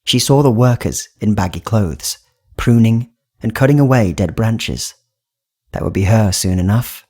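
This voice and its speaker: A man reading a horror audiobook as narrator, in steady, even storytelling. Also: fairly low pitch, measured pace. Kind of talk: scripted narration.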